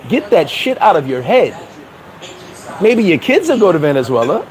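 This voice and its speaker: A man's voice: sits high, huge pitch swings, a little slow, darkish tone, rough recording. A man hosting a casual livestream chat, talking bluntly and profanely and reading out viewer comments. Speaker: livestream host.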